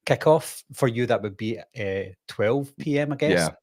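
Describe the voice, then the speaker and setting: A man's voice: mid-range voice, a little slow, darkish tone. A man from the in his thirties, hosting a casual live-stream chat, talking in a chatty, rambling way and laughing easily. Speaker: host.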